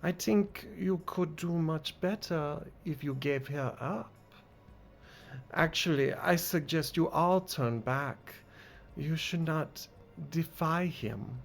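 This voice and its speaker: A man's voice: a little high, slow, gravelly, faint music behind. A man voicing a flamboyant, flirtatious female jester who speaks with a put-on French accent and drops in French words. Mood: flirty mocking.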